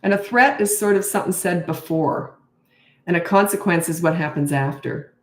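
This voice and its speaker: A woman's voice: fairly low pitch, moderate pace. Tired middle-aged woman doing a parenting q&a live, blunt and punchy, kinda echoey room. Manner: blunt, emphatic, acts out her own replies to kids. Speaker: parenting coach. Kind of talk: live Q&A advice talk.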